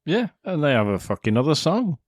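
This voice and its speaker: A man's voice: a little high, very animated, a little fast, no room sound, studio quality. A man co-hosting a podcast, throwing in sweary, sarcastic jokes in casual chat. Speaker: podcast co-host. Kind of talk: casual film review chat.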